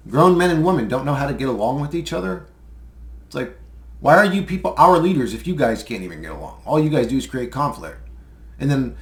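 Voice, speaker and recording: A man's voice: medium pitch, reverberant. A man talking in a loose, rambling monologue, cursing freely and laughing between thoughts. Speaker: channel host. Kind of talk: casual monologue.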